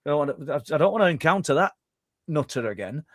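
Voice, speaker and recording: Talking fast, a middle-aged guest researcher from Yorkshire, England, spins out a long story in conversation, animated and chatty, with his Yorkshire accent and frequent stumbling restarts. His voice is fairly high for a man, and the recording is dry and close with almost no room on it and no echo.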